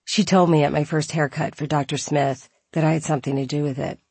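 A woman's voice: deep voice, steady tone, a little fast, a little mellow, husky, no room sound. A woman reading her own memoir aloud in a reflective, wry manner, close to the mic. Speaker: memoir narrator.

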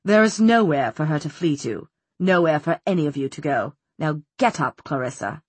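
Lady doing a cold sneering villain guy, low and still, storybook reading. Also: animated, moderate pace, slightly rough, dry recording. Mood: cold menace. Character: cold, contemptuous middle-aged man, villain.

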